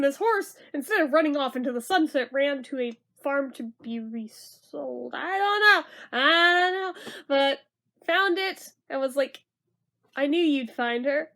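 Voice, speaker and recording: A young woman with a high voice talks through a film in a loose, chatty way. She is sarcastic, swears freely and bursts into mock-dramatic outrage. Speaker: movie reviewer. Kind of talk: casual movie review.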